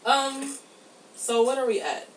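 A woman co-hosting a podcast in casual chat, giggly and animated, swearing freely. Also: sits high, slow, far from the mic, a little hiss or hum. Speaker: podcast co-host. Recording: roomy, from off the mic, faint ambience.

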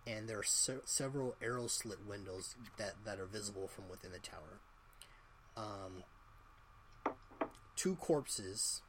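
A man's voice: on the low side, fairly bright tone, slight background noise. A man narrating as game master in a tabletop game, casual and rambling with lots of fillers.

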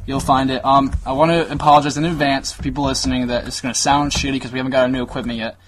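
A young man co-hosting a podcast in crude, jokey banter, loud and profane, recorded on cheap gear. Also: mid-range voice, level tone, a little hiss or hum. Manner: loud, profane, jokey, puts on quick voices. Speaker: podcast co-host. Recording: cheap mic in a room, voice sometimes far.

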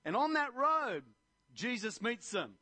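A man's voice: extremely high pitch, sing-song, a little slow, pushed and bright. A male preacher giving an impassioned sermon that rises to emphatic proclamations.

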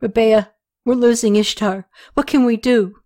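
A woman's voice: a little high, steady tone, a little slow, a little mellow, no echo, studio quality, voice pushed up, natural voice. A woman voicing a male temple leader who speaks in an urgent, alarmed way. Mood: panicked.

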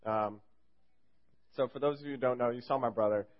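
A man's voice: mid-range voice, brisk. Young man, casual youth sermon, jokey and rambling, muffled lo-fi recording. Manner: rambling and jokey, heavy on fillers. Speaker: youth group speaker filling in. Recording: dull lo-fi recording.

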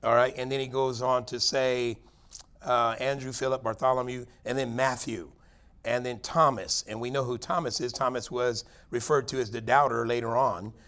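Middle-aged male pastor, folksy sermon, mid-pitched voice, animated bursts of emphasis. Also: moderate pace.

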